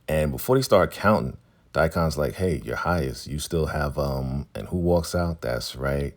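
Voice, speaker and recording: A man casually recapping a TV episode, retelling scenes by quickly acting out the characters' lines. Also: lively intonation, a little mellow. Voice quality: gravelly, husky low voice. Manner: retells scenes with quick quoted dialogue and laughs. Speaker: recap host.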